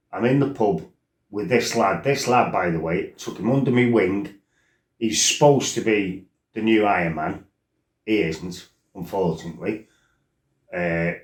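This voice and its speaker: A middle-aged man with a somewhat low voice tells stories from his past in a blunt, rambling way, often stopping to check that the listener is following. His voice bounces around a roomy space, which gives it a noticeable echo. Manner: blunt and rambling, with frequent "you know" and "right?". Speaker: former kickboxer telling his life story. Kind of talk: casual spoken storytelling.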